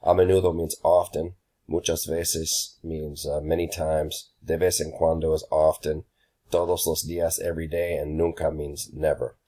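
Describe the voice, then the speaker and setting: Young male teacher with a very deep voice, loose and unscripted, plenty of ums. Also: normal speed. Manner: relaxed, many ums and uhs, says y'all. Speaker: Spanish teacher. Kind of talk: casual recorded grammar lesson.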